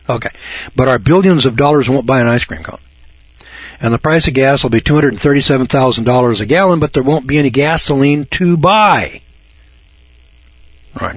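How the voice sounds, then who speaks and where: A man's voice: medium pitch, slightly rough, no room sound. An older American man hosting a radio talk show, talking in a folksy, emphatic way and repeating words as he builds his points. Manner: folksy, emphatic, repeats himself, mocks callers in a raised voice. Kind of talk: casual radio monologue. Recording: dull lo-fi dry radio sound.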